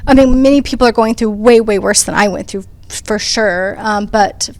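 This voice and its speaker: A woman's voice: medium pitch, normal speed, a little mellow, no room sound. A woman on a discussion panel, telling her own story in an earnest, conversational way with frequent ums and restarts. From United States. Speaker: panel speaker. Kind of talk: personal testimony in a panel discussion.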